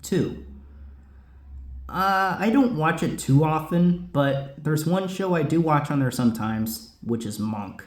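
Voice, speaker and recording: A man's voice: a little high, slow. A man casually chatting as a host answering viewer questions, rambling with lots of asides. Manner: lively, rambling, many asides. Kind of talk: casual chat. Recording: roomy echo.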